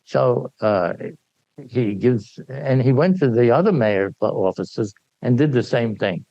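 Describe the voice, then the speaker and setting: An older man sharing memories with an audience in animated anecdotal storytelling, often laughing and acting out the dialogue. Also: mid-range voice, slow, gravelly, dry recording. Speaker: speaker sharing memories at a gathering. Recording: dull, dry lo-fi recording.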